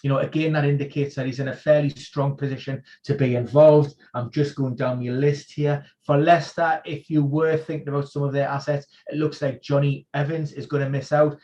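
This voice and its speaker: A man acting as an injury expert, running through football team news on a live stream in a quick, informed rundown. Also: a little high, little pitch movement, mellow, highs cut off. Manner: informed, rapid-fire rundown of player news. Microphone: video call.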